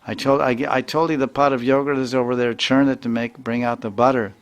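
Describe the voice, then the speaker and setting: A man voicing a sharp-tongued old mother-in-law who berates and stammers in anger. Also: medium pitch, fairly even intonation, fairly quick, smooth, pitched above the performer's own voice, close to an everyday voice. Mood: scolding.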